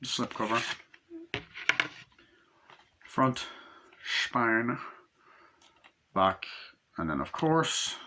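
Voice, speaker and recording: A man's voice: medium pitch, sing-song, drawn-out words, long pauses, background noise. A man giving a rambling, casual film review at home, acting out lines from the movie with plenty of swearing.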